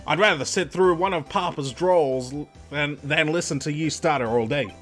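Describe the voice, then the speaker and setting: A man's voice: a little high, moderate pace, fairly bright tone, soft background music, lightly acted. A man putting on a brash, drawling southern gal. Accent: put-on American Southern drawl. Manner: overdone drawl, sassy and pushy. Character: brash loud southern woman photographer. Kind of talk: reading game dialogue aloud.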